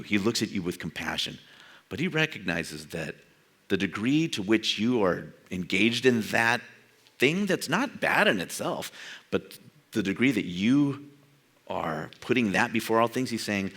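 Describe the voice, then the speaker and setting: An older man preaches a sermon in a loose, conversational way, slipping into quoted dialogue and laughing at his own asides. His voice is bright and clear. His pitch rises and falls a lot as he talks. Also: lively intonation, unhurried. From San Jose, California. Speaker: pastor.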